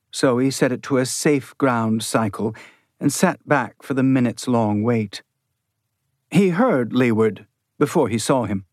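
A man reading an audiobook in measured, steady scripted narration. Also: mid-range voice, no echo, clean studio sound.

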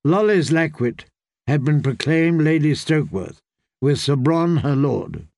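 A man reading an audiobook as narrator, in a measured, even delivery. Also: fairly high pitch, creaky, dry recording, studio quality. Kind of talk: scripted narration.

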